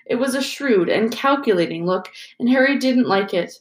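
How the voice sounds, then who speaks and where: A woman narrating an audiobook in a steady storytelling manner. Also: on the high side, normal speed. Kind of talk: audiobook reading. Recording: roomy echo.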